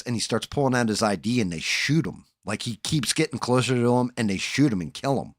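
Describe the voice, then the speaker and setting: A man's voice: mid-range voice, lively intonation, a little fast, hardly any pauses, a bit bright, no echo, clean studio sound. A man hosting a casual chat show, retelling horror movie plots in a loose, profane way and acting out the characters' lines. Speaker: podcast host.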